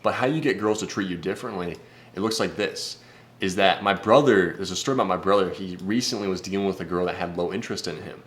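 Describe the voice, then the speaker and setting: Deep-voiced guy coaching on dating, blunt and swears a lot, real casual. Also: fast talker. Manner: brash, profane, blunt. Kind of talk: casual vlog advice talk.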